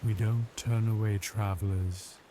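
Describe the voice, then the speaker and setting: A man voicing a calm, commanding young princess, speaking firmly and slowly in his own low voice. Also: lightly acted. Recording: steady ambient background noise.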